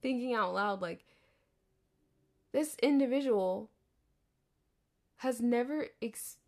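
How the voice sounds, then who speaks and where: A woman in her thirties talks through a loose, rambling podcast monologue. She swears casually and keeps breaking into laughter. Her voice sits a little higher than most women's. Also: slow, a little mellow. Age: 30s. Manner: candid, profanity-laced, chatty with frequent laughs. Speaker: podcast host.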